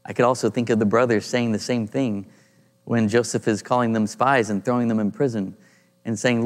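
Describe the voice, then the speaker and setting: A man leading an informal Bible study, thinking aloud and pausing to search for passages as he reads and explains scripture. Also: mid-range voice, steady tone. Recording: long reverb in a room.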